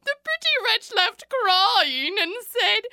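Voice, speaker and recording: A woman's voice: extremely high pitch, very animated, takes it slowly, bright, forceful tone, no room sound, clean studio sound, exaggerated voice. A woman playing a garrulous, bawdy old nurse in Shakespearean stage acting, laughing and rambling. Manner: garrulous, laughing, wildly swooping delivery.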